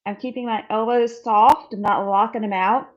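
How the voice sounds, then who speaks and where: A woman's voice: fairly high pitch, steady tone, moderate pace, highs cut off. A woman fitness instructor coaching a follow-along core workout, counting reps, encouraging and a little out of breath. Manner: encouraging, counts reps aloud, demonstrates while talking.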